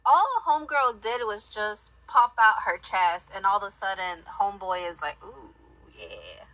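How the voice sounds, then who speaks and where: A woman guesting on a podcast, chatting casually in a lively, slangy way. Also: medium pitch, moderate pace, rough recording. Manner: lively, slangy storytelling with quoted voices. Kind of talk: casual chat.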